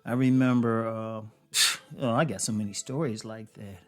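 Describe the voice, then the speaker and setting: A man's voice: lowish voice, steady tone, normal speed, a bit bright. A man hosting a dating advice show, speaking to women in a loose storytelling way, with many fillers. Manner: conversational, storytelling, frequent fillers and laughs. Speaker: host. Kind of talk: casual advice monologue.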